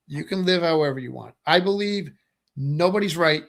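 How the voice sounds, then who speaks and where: A middle-aged man hosting a webcast speaks at a moderate pace in a higher voice with vocal fry. He talks casually and meanderingly about his political views, often asking "right?" and saying things twice.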